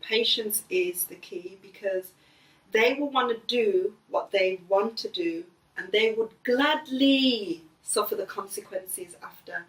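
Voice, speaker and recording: A middle-aged woman, the host's mother, talking gently and earnestly in a casual family conversation. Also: mid-range voice, takes it slowly, distant mic. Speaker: mother of the host. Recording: echoey room, voice a bit off-mic.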